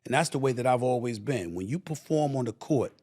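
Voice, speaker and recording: Loud, passionate middle-aged man. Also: mid-range voice, animated, fairly quick, husky. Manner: loud, passionate, emphatic storyteller who acts out past exchanges. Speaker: sports commentator, guest. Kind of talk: casual podcast interview.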